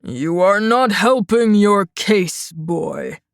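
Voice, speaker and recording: A woman's voice: mid-range voice, animated, very slow, dry recording, clean studio sound. A woman voicing a stern, short-tempered old male judge who growls and spits his words.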